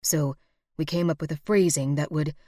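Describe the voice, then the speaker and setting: A woman voicing a middle-aged man, a formal frontier lawyer, speaking in a measured, evasive way. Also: sits low, fairly even intonation, warm tone, no room sound, clean studio sound. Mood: cool. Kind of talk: audiobook character voice.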